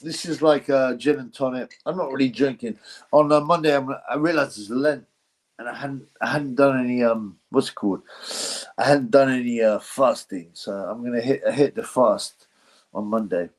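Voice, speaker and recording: A man's voice: mid-range voice, normal speed. Rambling man hosting a livestream. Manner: rambling, mocking, jokey. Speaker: livestream host. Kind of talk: casual livestream chat.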